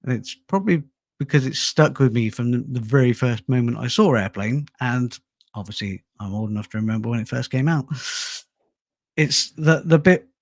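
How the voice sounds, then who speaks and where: A man's voice: mid-range voice, expressive, normal speed, no echo. A middle-aged man hosting a casual live stream, rambling and self-deprecating, often breaking into laughter. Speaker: host and channel producer.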